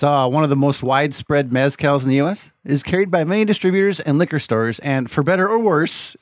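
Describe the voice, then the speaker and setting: A man's voice: medium pitch, no room sound. Laid-back man hosting a drinking chat. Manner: laughing, stumbles over place names. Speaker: podcast host. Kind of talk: casual chat.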